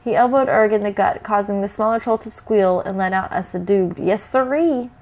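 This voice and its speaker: A woman reading a first-person fantasy adventure story aloud in a lively, playful way. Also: medium pitch, brisk.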